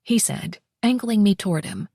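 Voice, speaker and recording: A woman narrating a first-person romance audiobook in an expressive, wry way on a close mic. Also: mid-range voice, moderate pace, breathy edge, dry recording.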